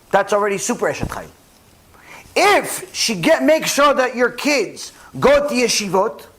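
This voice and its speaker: Animated high-voiced rabbi preaching. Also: male voice. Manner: animated, rising in pitch and volume at key points. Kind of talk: sermon storytelling.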